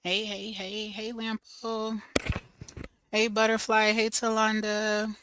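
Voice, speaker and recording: A woman hosting a casual livestream who is hoarse and losing her voice. She greets her viewers by name and talks to them in a loose, familiar way. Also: mid-range voice, monotone, slow pace, background noise. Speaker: livestream host.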